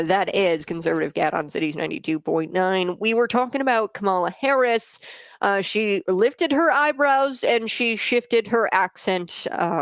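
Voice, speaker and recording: A radio talk show host delivers opinion commentary in a gravelly, creaky voice. The host hammers the same points again and again, with many "uh" fillers. It is a dry studio sound with no room echo. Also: medium pitch, fairly bright tone. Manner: emphatic, repeats points, fillers.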